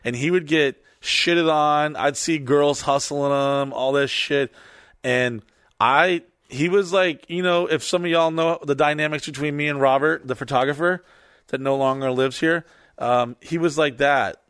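A man's voice: a little high, a little slow, smooth, no echo, clean studio sound. A man hosting a casual talk show, swearing freely and throwing in mocking voices for people he describes. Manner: profane, animated, mock voices for people. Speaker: podcast host. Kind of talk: casual chat.

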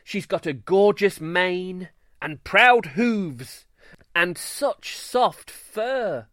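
A man voicing Mister Rainbow, a gentle male unicorn who coos tenderly over his newborn in a storybook tale. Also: very high voice, lively intonation, unhurried, no echo, studio quality, pitched above the performer's own voice, exaggerated voice. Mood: tender awe. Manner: soft, cooing, wondering. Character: doting new father unicorn, gentle and tender.

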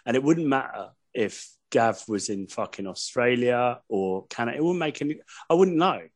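A podcast guest spinning loose, rambling anecdotes in easy chat. His voice is a little husky, and his pitch swoops up and down with real animation. He swears freely and laughs through his own stories. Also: lively intonation, normal speed. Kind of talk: casual chat.

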